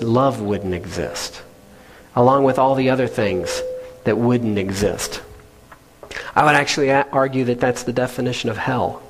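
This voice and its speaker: A male pastor gives a sermon in a church sanctuary, earnest and conversational, breaking off now and then for casual asides. His voice sits at an ordinary middle pitch. A long reverb trails each phrase through the hall.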